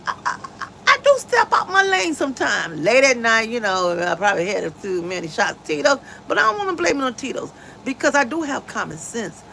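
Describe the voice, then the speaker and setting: A woman's voice: fairly high pitch, vocal fry, bright, forceful tone, a little hiss or hum, low-quality recording. A woman hosting a casual livestream from home, talking emphatically and a little preachy about faith and her friends, on a phone mic. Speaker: livestream host.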